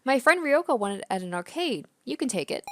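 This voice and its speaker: A woman's voice: a little high, very animated, fairly quick, a little hiss or hum, pitched above the performer's own voice. A woman voicing a young schoolgirl heroine who pleads earnestly. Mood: friendly.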